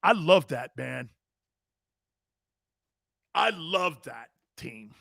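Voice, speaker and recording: A man's voice: on the high side, lively intonation, very slow, creaky, long pauses, no echo, studio quality. A middle-aged man hosting a sports talk show, hollering his opinions, swearing freely and hammering the same catchphrases. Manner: loud, hollering and profane; emphatic, repeats catchphrases.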